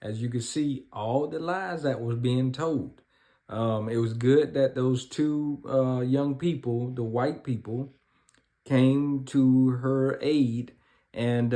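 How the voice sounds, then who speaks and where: A man's voice: mid-range voice, dark tone. A man hosting an online commentary show, speaking directly to viewers he calls folks. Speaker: commentary host.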